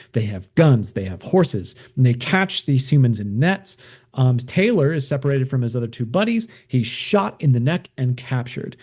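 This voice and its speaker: Man, podcast host, casual film recap, rambling, lots of fillers, mellow tone, mid pitch. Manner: rambling, heavy use of fillers.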